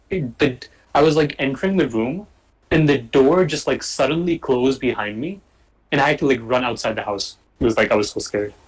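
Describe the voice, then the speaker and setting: A young man telling a story in casual chat over a remote call, rambling and filling every pause with "like". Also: medium pitch, breathy edge, rough recording. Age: young adult. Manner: rambling, full of "like" fillers.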